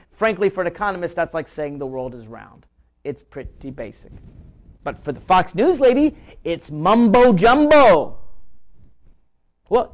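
A political commentator reacting to a news clip, animated and sarcastic, firing off mocking rhetorical questions and answering them. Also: medium pitch. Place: Virginia.

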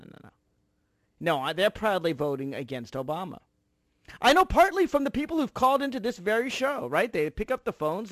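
Animated, sarcastic talk-radio man. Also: high voice, no room sound. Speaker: radio talk show host. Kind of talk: political talk radio monologue.

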